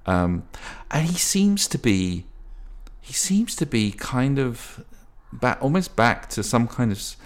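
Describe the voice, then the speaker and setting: A man's voice: mid-range voice, expressive, slow. A man running a tabletop game as game master, narrating in a rambling, self-correcting way.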